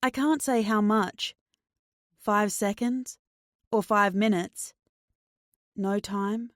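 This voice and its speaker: A woman narrating a first-person thriller audiobook in a slow, measured, tense way. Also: medium pitch, steady tone, dry recording, clean studio sound.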